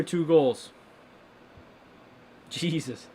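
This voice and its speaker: A young man hosting a live hockey watchalong, calling the play-by-play casually and breaking into loud excited exclamations. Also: fairly high pitch, normal speed. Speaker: watchalong host.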